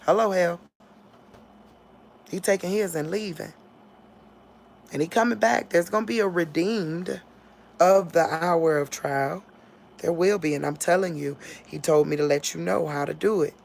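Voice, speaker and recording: Gravelly-voiced woman preaching casually. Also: lowish voice, unhurried, long pauses. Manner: informal, laughs a lot, acts out quotes loudly. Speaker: online preacher. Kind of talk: casual spiritual livestream talk.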